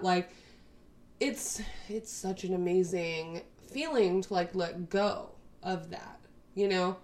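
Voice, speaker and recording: A woman's voice: mid-range voice, unhurried, a little mellow. A woman in her twenties from Texas, chatting casually to her camera in a rambling, sweary way, full of "like". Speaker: vlogger.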